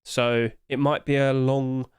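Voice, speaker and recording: A man's voice: medium pitch, little pitch movement, slow pace, clear, resonant tone, no room sound. Chatty man with a dry close sound. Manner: chatty, hedging, apologetic asides. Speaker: host. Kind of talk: casual commentary.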